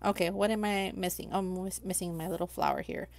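A woman's voice: mid-range voice, steady tone, fast, a little mellow. A woman hosting a crafting livestream, chatting casually with viewers and thinking aloud while she works. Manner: chatty, talks to herself while working, reads chat aloud.

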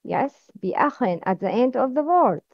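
A woman teaching Arabic letters, drilling words slowly and asking the listener to repeat after her. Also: a little high, expressive, no room sound. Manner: slow, careful drilling with repeat-after-me prompts. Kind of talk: slow recorded lesson. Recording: dull, lo-fi sound.

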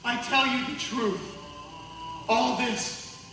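A man reading scripture slowly in a solemn, measured way. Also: very high voice, steady tone. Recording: echoey hall, distant, soft music.

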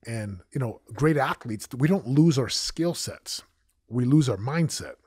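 A man in his forties tells his life story in an emotional, animated way, acting out what people said. His voice is husky and a little breathy. The sound is dry and close to the mic, with no room echo. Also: medium pitch, unhurried. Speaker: guest, former football champion and coach. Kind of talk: candid storytelling interview.

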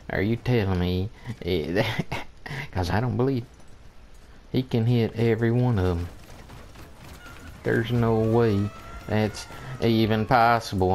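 A man's voice: on the low side, a little hiss or hum. A man giving casual gameplay commentary, grumbling in disbelief, repeating himself and chuckling, with folksy mild oaths.

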